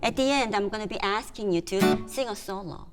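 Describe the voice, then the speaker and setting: A woman music therapist gently guiding a group through breathing and voice exercises, with encouraging praise. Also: mid-range voice, brisk.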